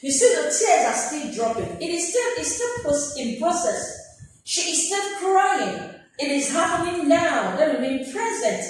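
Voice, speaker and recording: A woman teaching a vocabulary class with a high voice that swoops up and down, acting out little examples in sing-song tones. She talks at an unhurried pace. The sound is very echoey and picked up from well away from the mic, with a faint hiss behind her. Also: sing-song. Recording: very echoey room, mic far off.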